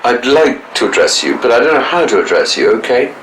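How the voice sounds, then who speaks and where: A man's voice: mid-range voice, big pitch swings, brisk, fairly bright tone, a little hiss or hum. A man talking in a theatrical, gushing and profane way to a guest. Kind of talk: effusive documentary talk. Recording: roomy echo, faint ambience.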